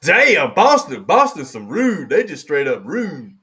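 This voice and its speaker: A man's voice: fairly high pitch, huge pitch swings, unhurried, bright, forceful tone. A man with a Southern US accent hosting a live stream, chatting casually, laughing often and repeating his phrases. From American South. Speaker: host.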